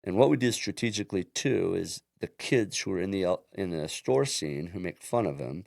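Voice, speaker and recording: A man's voice: sits low, expressive, moderate pace, vocal fry, darkish tone, no room sound, clean studio sound. A man guest on an interview podcast, telling his own story earnestly and often restarting his sentences. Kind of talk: casual interview chat.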